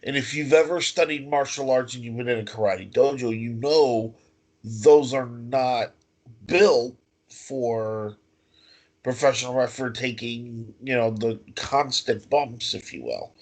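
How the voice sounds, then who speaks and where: A man, a professional wrestler, talking slowly and telling stories with many fillers over a video call. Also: mid-range voice. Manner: slow, storytelling, with fillers. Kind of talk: casual interview.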